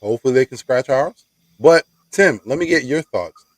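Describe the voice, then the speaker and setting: A man's voice: medium pitch, lively intonation, moderate pace, no echo, rough recording. Man hosting a podcast, dry sound. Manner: self-mocking, playful. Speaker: podcast host. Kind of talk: casual sports podcast chat.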